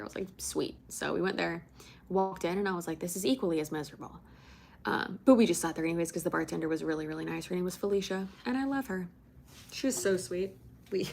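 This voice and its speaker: Chatty young woman with a creaky voice. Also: fairly low pitch, slight background noise. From Tampa, Florida. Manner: chatty, rambling, swears casually, many fillers. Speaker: livestream host. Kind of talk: casual livestream chat.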